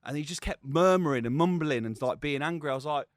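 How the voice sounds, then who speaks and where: A man's voice: fairly high pitch, quick pace, no room sound. A young man co-hosting a podcast, telling stories in casual chat and swearing a lot. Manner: swears a lot, animated storytelling. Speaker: podcast co-host.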